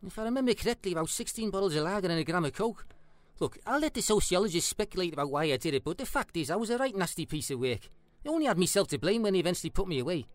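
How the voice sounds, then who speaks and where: An actor with a Scouse accent playing a jokey, chatty former football hooligan in a comedy interview. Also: male voice, sits high, very animated, rapid-fire, dry recording. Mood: jovial. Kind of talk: scripted comedy dialogue.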